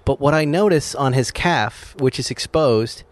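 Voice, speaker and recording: A man's voice: mid-range voice, unhurried. A man hosting a talk show, telling a long casual story with laughs and acting out the people in it. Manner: animated, laughing, acts out quoted voices. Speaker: host.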